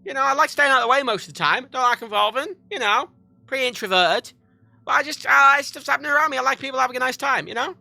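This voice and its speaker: A man's voice: extremely high pitch, expressive, fast talker, vocal fry, pushed and bright, no echo. A man livestreaming from home, chatting in a rambling, profane way and often cutting himself off. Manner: rambling, profane, self-interrupting. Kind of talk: casual rambling chat.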